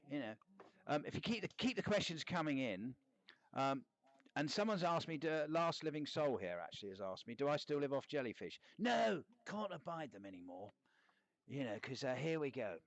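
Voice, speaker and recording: Sleazy cartoon bassist, boastful, rambles all over the place, mid pitch. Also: male voice, gravelly, no room sound. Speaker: cartoon band member answering fan questions. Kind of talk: in-character live chat.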